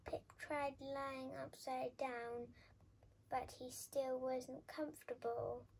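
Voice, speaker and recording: A woman reading a children's picture book aloud with expressive, lively storytelling. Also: high-pitched, slow pace, vocal fry, slight background noise. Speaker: storybook reader.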